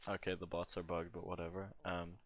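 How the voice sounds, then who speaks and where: A man's voice: low-pitched, little pitch movement, brisk, a little hiss or hum. A young man and gaming streamer telling a rambling, profane story in a casual, laid-back way while he plays.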